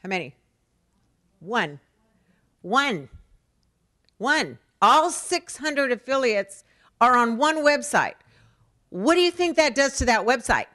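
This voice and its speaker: A middle-aged woman from the United States giving an animated storytelling speech at a fundraising event. She acts out quoted dialogue and repeats words for emphasis. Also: sits high, moderate pace. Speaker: speaker at a fundraising dessert. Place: event hall.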